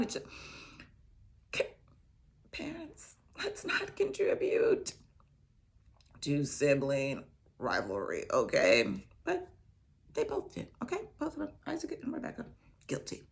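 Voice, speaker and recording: A middle-aged woman with a low, gravelly voice shares a personal testimony in a casual, chatty way. Her pitch swings up and down a lot as she acts out Bible characters in quick asides. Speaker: host sharing a personal testimony. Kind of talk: casual Bible storytelling and encouragement.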